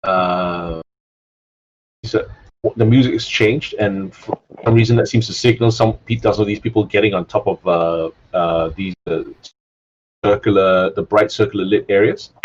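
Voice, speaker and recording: A man runs a tabletop game, narrating in a somewhat low voice. He pauses often and fills the gaps with "uh" and "um" as he builds each scene. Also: lo-fi sound, a little hiss or hum. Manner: halting, filler-heavy narration. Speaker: game master.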